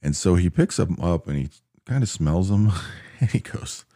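A man casually telling an army anecdote in a relaxed, matter-of-fact way, acting out the soldiers he quotes. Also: sits low, normal speed, no room sound, clean studio sound. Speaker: storyteller recounting army anecdotes. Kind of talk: casual spoken storytelling.

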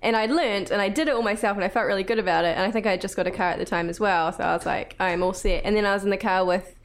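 A young woman with a New Zealand accent hosts a casual podcast chat, speaking very fast at a medium pitch. She's a chatty storyteller who laughs often as she tells her stories.

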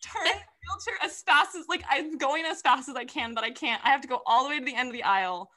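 A young woman telling a story in casual chat, animated and full of "like" fillers. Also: high voice, fast talker.

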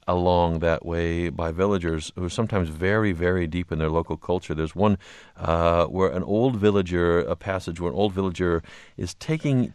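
Brief: deep male radio host, hesitant conversational questions, dry close sound. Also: smooth, dry recording. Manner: conversational, hesitant phrasing with fillers. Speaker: radio talk show host. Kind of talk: radio interview.

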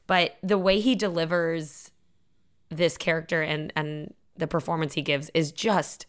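A woman's voice: deep voice, fairly even intonation, a little slow, clear, resonant tone. Chatty woman podcast co-host. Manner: chatty, laughing, retelling stories with quoted voices. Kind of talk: casual chat.

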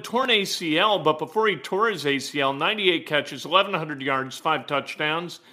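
A man's voice: fairly high pitch, pushed and bright. A man hosting a sports talk show, giving blunt, emphatic opinions and rattling off player stats. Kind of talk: opinionated sports commentary monologue.

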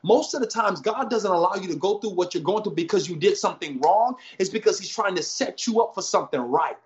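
A man, a pastor, preaching in a podcast conversation with energetic, slangy storytelling and emphatic repeated lines. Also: high voice, brisk, dull audio. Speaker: pastor guest.

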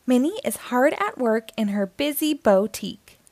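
A woman reading a picture book aloud to children, expressive and sing-song. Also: fairly high pitch, moderate pace, no echo. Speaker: storyteller.

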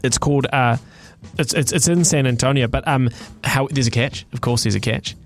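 A man with a mid-range voice co-hosts a radio show, speaking at a normal speed with faint music behind him. He's chatty and jokey, rambling through light news stories with lots of fillers.

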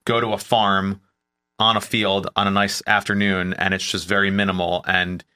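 A man chatting casually on a podcast, rambling through his points. His voice sits low but rings bright and forceful. He jokes easily at his own expense. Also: flat delivery, moderate pace, smooth. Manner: rambling, joking, self-deprecating. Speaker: podcast co-host. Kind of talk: casual chat.

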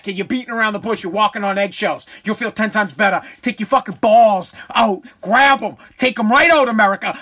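A man tears into his subject in a fired-up, profanity-laced rant, circling back to the same points again and again. His voice has a forceful, tense edge. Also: sits high, a little fast, few pauses, breathy edge. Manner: heated, profane, repetitive. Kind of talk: angry rant.

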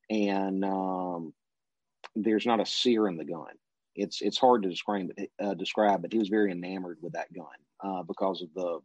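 Low-voiced man telling a story. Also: no room sound. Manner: relaxed anecdotal, briefly mimicking the people he quotes. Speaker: interview guest. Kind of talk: casual storytelling. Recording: dull lo-fi recording.

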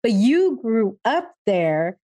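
A woman's voice: on the high side, very animated, slow, dark tone, dry recording. A woman hosting a podcast, asking questions in a bubbly, curious way and laughing often. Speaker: podcast host. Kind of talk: casual interview chat.

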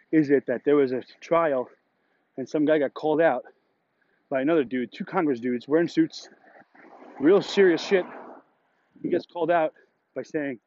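A man's voice: darkish tone, muffled recording, a little hiss or hum. A man hosting a podcast, telling rambling, profane stories in a casual monologue. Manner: rambling, profane, jumps up in pitch for quoted voices. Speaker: podcast host.

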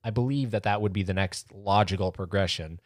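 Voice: sits low, fairly quick, no echo, studio quality. A co-host in a casual TV episode review chat who rambles a little and moves the talk from one segment to the next. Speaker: podcast co-host.

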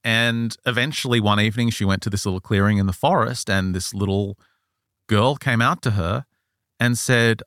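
A man hosting a podcast, telling an eyewitness story in a casual, animated way and acting out the quoted lines. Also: on the low side, moderate pace, clean tone, no room sound, clean studio sound. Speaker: podcast host. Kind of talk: casual chat, retelling an eyewitness account.

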